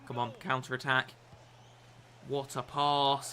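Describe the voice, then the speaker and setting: Excitable British young man, bright voice. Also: medium pitch, normal speed. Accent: British English. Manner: excitable, swearing, self-mocking. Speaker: streamer. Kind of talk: gaming live stream commentary.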